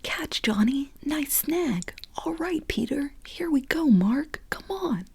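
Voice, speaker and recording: A woman's voice: lively intonation, slow pace, darkish tone, exaggerated voice. A woman whispering the lines of an eager young man from a screenplay, in whispered role-play. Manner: whispered, higher than her own voice.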